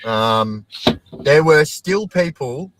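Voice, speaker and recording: A man's voice: on the high side, lively intonation, drawn-out words, background noise. A man with an Australian accent chatting enthusiastically as a guest on a casual livestream, swearing now and then. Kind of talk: casual chat.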